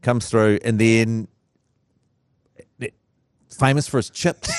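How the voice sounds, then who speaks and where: A middle-aged New Zealand man on a podcast, rambling through sport chat and restarting his sentences. His pitch is middling and his voice sounds dry and close. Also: huge pitch swings, dry recording. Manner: rambling, halting, repeats words. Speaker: podcast co-host. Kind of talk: casual chat.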